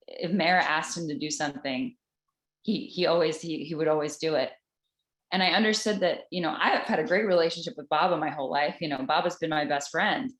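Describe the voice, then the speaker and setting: A woman sharing a personal spiritual story with a group, earnest and halting, with many restarts. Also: low voice. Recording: roomy echoing room.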